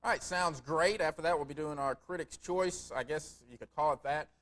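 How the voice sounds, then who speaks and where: A man's voice: fairly high pitch, fairly bright tone. A man co-hosting a live local TV film review show, joking casually and laughing often. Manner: quick, jokey, laughs often.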